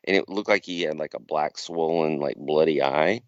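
A man's voice: a bass voice, normal speed, dry recording, dull audio. A man co-hosting a podcast, casually rambling through a story. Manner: rambling storyteller, acts out quotes. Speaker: podcast co-host. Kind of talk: casual chat.

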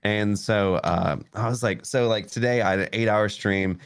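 A man's voice: on the low side, moderate pace, clear, resonant tone. A man from Tennessee, a podcast guest, telling a story in rambling casual talk full of fillers. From Memphis, Tennessee.

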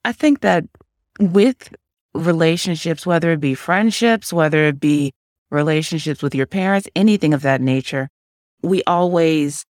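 A woman's voice: sits low, no echo, clean studio sound. A woman co-host speaking thoughtfully about emotions and communication, reflecting on her own experience. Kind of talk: reflective advice talk.

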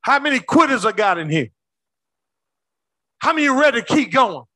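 A male preacher delivers a sermon in a high, bright voice that swings between booming shouts and near-whispers. He calls out to the congregation, and the recording is close and dry. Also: sing-song, moderate pace, no room sound.

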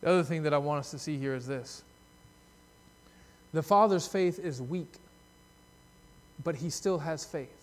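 A man preaching a sermon as pastor, earnest, rising loud and high when he voices a desperate plea, then dropping soft and low to reflect. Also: measured pace, long pauses.

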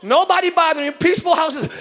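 A man preaching a sermon in church as pastor, acting out everyday scenes and shouting his points to the congregation. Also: extremely high pitch.

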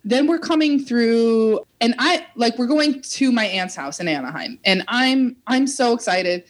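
Woman, fairly high voice, animated storyteller, salty language. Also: unhurried. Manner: animated, acts out quotes, swears, laughs. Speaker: podcast co-host. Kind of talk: casual storytelling chat.

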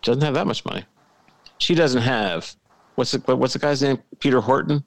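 A man's voice: medium pitch, brisk, vocal fry, no echo. A man co-hosting a podcast in casual chat, rambling and joking, often repeating himself. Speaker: podcast co-host.

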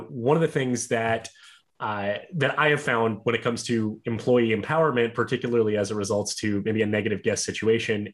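A man hosting an interview, asking long, thoughtful questions about managing staff. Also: mid-range voice. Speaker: interviewer, podcast host.

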